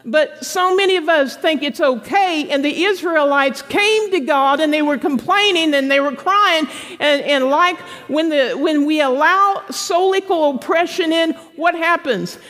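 A woman pastor preaching an animated sermon to a congregation, slipping into playful voices for quoted people. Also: sits high, measured pace, hardly any pauses, in a large hall. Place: church sanctuary with congregation.

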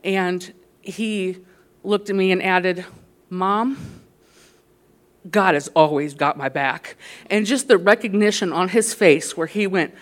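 Animated mother telling a testimony. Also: mid-range voice, takes it slowly. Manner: animated, laughing, rising loud when quoting herself. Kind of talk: casual storytelling testimony.

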